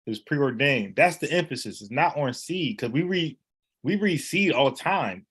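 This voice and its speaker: A man, debating and explaining a Bible word in casual, animated talk, often restarting his phrases. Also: medium pitch, normal speed, slightly rough. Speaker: online Bible teacher.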